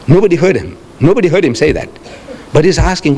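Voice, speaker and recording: A man giving a religious lecture to an audience, telling a story in a lively way, acting out quotes and asking rhetorical questions. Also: fast talker. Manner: animated storytelling, acting out quotes with sharp pitch jumps.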